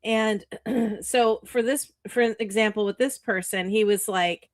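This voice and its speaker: A woman co-hosting a casual stream, giving an animated spiritual pep talk that is full of swearing. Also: medium pitch, measured pace, few pauses, no room sound, clean studio sound. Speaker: co-host, author. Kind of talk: casual motivational chat.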